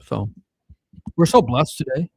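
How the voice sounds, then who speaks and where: Animated storytelling man from South Dakota. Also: medium pitch, measured pace, gravelly, breathy edge, no echo, rough recording. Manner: animated, rambling anecdotes with fillers. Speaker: podcast guest. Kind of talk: casual storytelling chat.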